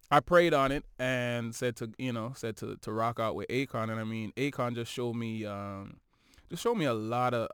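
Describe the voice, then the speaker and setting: A man talks through his stories in a relaxed, animated way, often tagging on "you know what I'm saying". His voice sits mid-range and comes through smooth and clear. The recording is dry and close. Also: medium pitch, dry recording. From Toronto, Canada. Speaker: guest musician. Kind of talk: casual interview chat.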